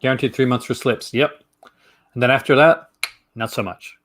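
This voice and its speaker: A man's voice: medium pitch, steady tone, moderate pace, a bit bright. Rambling, chatty man on camera. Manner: chatty and rambling, laughs easily. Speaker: film review channel host. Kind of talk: casual chat to camera.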